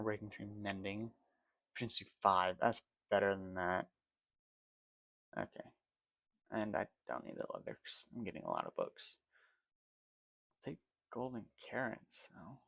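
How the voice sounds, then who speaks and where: A man's voice: fairly low pitch, animated, measured pace, vocal fry, pauses often, bright, forceful tone, no room sound. A man casually rambling through gameplay commentary for his channel, yawning and correcting himself as he talks, sleepy with a dry mouth. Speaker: gaming channel host.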